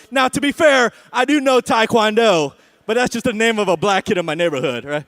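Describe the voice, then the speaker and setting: A man's voice: high voice, a little fast, a bit bright. A man doing a stand-up comedy set at an awards show, with a sarcastic, punchy delivery and frequent "right?" asides.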